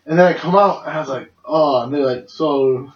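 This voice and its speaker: A man's voice: a little high, fast talker. A young man casually telling a long personal story on a podcast, rambling, laughing often and swearing freely. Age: young adult. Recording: dull lo-fi roomy recording.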